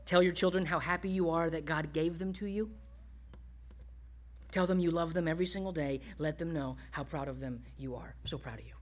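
A male pastor preaching a sermon, exhorting the congregation and dropping to quiet, tender asides. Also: a little high.

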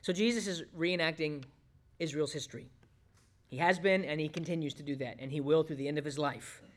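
A man preaching a sermon, swinging between loud emphasis and hushed asides as he acts out quoted voices. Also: fairly high pitch, fairly even intonation, a little fast. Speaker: pastor.

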